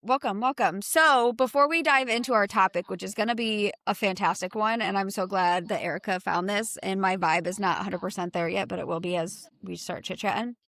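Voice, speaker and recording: A young adult woman co-hosting a real estate podcast, telling a story in a lively, profane, chatty way. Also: medium pitch, brisk, hardly any pauses, no room sound, clean studio sound.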